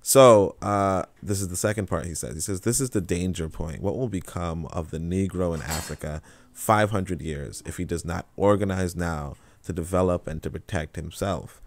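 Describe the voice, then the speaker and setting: A man hosting a livestream and reading an essay aloud. He reads quoted passages slowly and deliberately, then comments in loose, casual chat full of fillers. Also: low-pitched.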